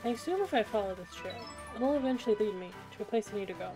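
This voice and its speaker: A woman streaming a game, chatty, excitable and self-mocking as she comments casually. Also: medium pitch, racing. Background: game music.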